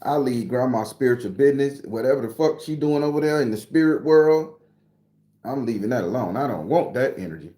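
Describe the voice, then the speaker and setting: This livestream host, a man in his 40s from southern Florida, sounds animated, medium-pitched, and a little quick. He tells stories in a loose, foul-mouthed way, loudly welcoming viewers and dropping profane slang. The recording has an echo to it.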